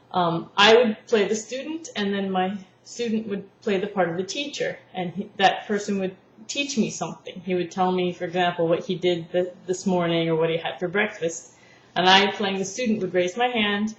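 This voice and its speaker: A woman who teaches language therapy, patiently explaining a lesson plan and acting out classroom examples. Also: medium pitch. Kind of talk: spoken lesson walkthrough. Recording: roomy, dull lo-fi sound with faint noise.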